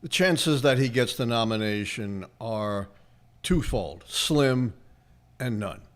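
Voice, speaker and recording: A man's voice: medium pitch, expressive, slow. An older man with a Brooklyn accent, giving emphatic, lecturing political analysis on a livestream. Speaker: political historian guest answering questions.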